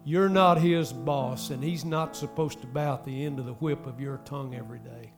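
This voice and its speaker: A man preaching a sermon, speaking straight to the congregation with emphatic swells and soft drops. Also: mid-range voice, fairly even intonation, fast, gravelly, music in the background. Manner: addresses the congregation directly. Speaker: pastor.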